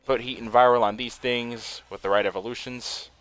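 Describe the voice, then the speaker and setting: Young man, gaming commentary, casual, excitable, mid-range voice. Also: medium pitch, normal speed. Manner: excitable, laughs often, swears casually. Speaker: gaming streamer.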